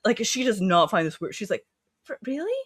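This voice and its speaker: A woman's voice: medium pitch, animated, brisk, a bit bright, breathy edge, no echo, clean studio sound. A woman co-hosting a casual book club podcast, animatedly retelling scenes and acting out the characters' quotes. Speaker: podcast co-host.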